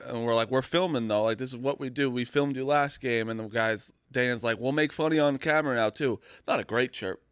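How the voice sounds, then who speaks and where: A man's voice: mid-range voice, a bit bright, smooth, no room sound, studio quality. A man co-hosting a sports podcast, laid-back and swearing as he retells a story in casual chat. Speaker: podcast co-host.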